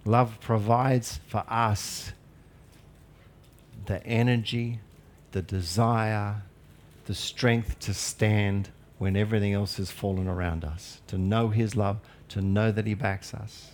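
A man's voice: lowish voice, fairly even intonation, slow pace, a little hiss or hum. A male pastor preaching a sermon in an earnest, emphatic way with light humorous asides.

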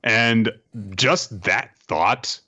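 A man co-hosting a casual podcast, recapping an anime with animated, laughing delivery and acting out the characters' lines. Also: mid-range voice, very slow. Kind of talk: casual chat.

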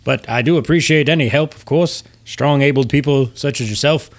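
A man voicing a fussy, formal ship captain who speaks politely and haltingly. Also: medium pitch, close to an everyday voice. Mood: courteous.

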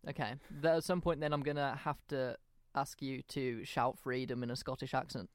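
A man's voice: mid-range voice, steady tone, moderate pace, clean tone, no echo, studio quality. A man co-hosting a podcast in casual chat, wry and laid back, with the odd mild swear. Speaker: podcast co-host presenting the episode.

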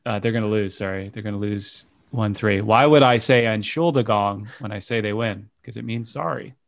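With a fairly low voice carrying some vocal fry, a podcast host moves at a moderate pace through a laid-back football show. He reads the fixtures aloud and playfully asks his co-hosts who they're picking.

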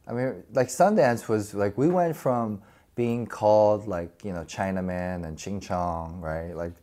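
A man's voice: fairly low pitch, unhurried, warm tone. A middle-aged man being interviewed, telling stories casually and animatedly, acting out voices and laughing often. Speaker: guest.

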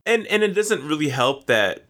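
A man's voice: fairly high pitch, moderate pace. A man co-hosting a casual gaming chat, ranting with lots of profanity. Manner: profane, ranting, animated complaints. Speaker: podcast co-host.

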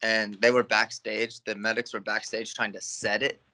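A man's voice: fairly low pitch, flat delivery, moderate pace, bright, forceful tone. A young man, a guest fighter, telling stories in a laid-back, casual interview, with plenty of fillers and swearing.

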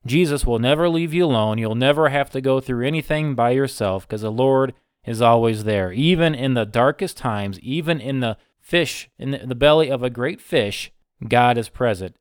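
A man preaching a Bible sermon, slow and emphatic, repeating short phrases. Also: medium pitch, clear, resonant tone, no echo, clean studio sound.

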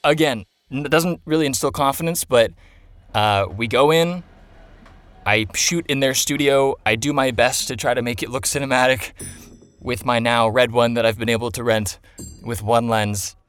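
Young man, casual storyteller, animated, mid-pitched voice, faint music behind. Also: normal speed, smooth. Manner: animated, acts out quoted people, laughs at himself. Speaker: commercial director telling a story.

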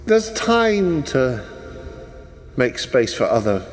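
A man's voice: mid-range voice, very animated, slow pace, in a large hall. A game master voicing a posh, smug man who apologises falsely and drops into blunt swearing. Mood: smugly apologetic. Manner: mock-polite, chuckling, then blunt and sweary.

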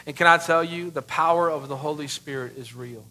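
A male pastor delivers a sermon in a forceful, bright tone, pitched a little high for a man. He preaches emphatically, throwing out rhetorical questions and sudden loud bursts. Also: a little fast.

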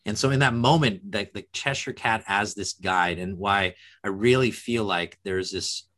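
Reflective man, lowish voice. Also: measured pace, a bit bright. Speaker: guest educator. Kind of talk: podcast conversation.

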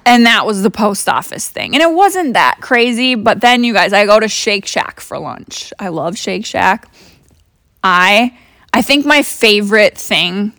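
A woman's voice: medium pitch, vocal fry, a bit bright, no room sound, clean studio sound. A young woman hosting a podcast, telling stories in a chatty, profane way with lots of fillers. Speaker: podcast host. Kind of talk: casual storytelling.

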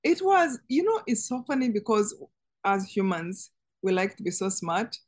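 A woman guest giving an earnest personal testimony in conversation, halting and restarting as she speaks. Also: medium pitch, sing-song. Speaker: interview guest.

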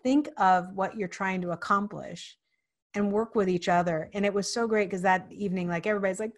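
A woman hosting an interview podcast, telling a lively anecdote and acting out the people in it. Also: medium pitch, fairly quick. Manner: animated storyteller, acts out quoted voices; frequent fillers and restarts. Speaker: podcast host. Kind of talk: casual interview chat.

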